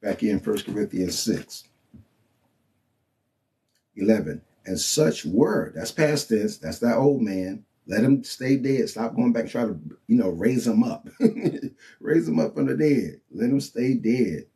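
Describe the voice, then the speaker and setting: A man delivers a casual, conversational sermon in a mellow, relaxed tone. He talks loosely and keeps checking in with his listeners. When he quotes other people, his voice jumps up high. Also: measured pace. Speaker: preacher. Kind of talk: informal sermon.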